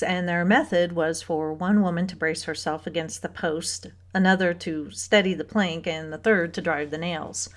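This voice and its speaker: With a fairly low pitch, a female audiobook narrator delivers a novel in an even, measured style of scripted narration.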